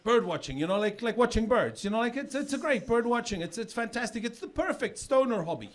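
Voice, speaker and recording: A man's voice: very high voice, lively intonation, quick pace. A middle-aged man with a South African accent doing a chatty stand-up comedy set, often repeating words as he builds a joke. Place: comedy club stage with live audience. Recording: live set with audience laughter.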